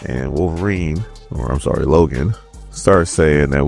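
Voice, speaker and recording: Man, comics reviewer, low voice, lively jokey delivery, soft music bed. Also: unhurried, gravelly. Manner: animated, joking storyteller. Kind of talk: casual comic recap commentary.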